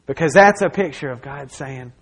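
A male pastor preaching a sermon in a church service, dramatic and swinging between loud emphasis and near whispers. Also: on the high side, normal speed.

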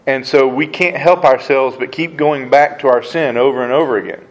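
A man's voice: mid-range voice, steady tone, normal speed, muffled recording. A man teaching a Bible study in a casual, conversational way, asking rhetorical questions and acting out quoted voices.

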